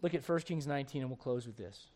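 A man's voice: medium pitch, fast talker, darkish tone. A man, preaching a sermon in a conversational, storytelling way full of rhetorical questions.

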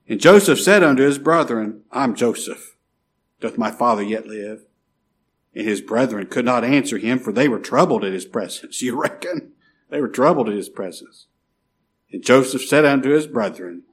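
A man preaching a sermon and reading scripture aloud, swinging between loud calls and quiet, dropped phrases. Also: medium pitch.

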